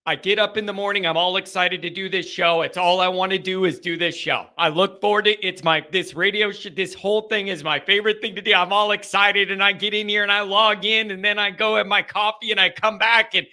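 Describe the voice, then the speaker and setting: Casting note: excitable male call-in host, high and sharp-toned, rambles and circles back on himself. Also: fairly quick, few pauses. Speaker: sports call-in show host. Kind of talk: live call-in show monologue.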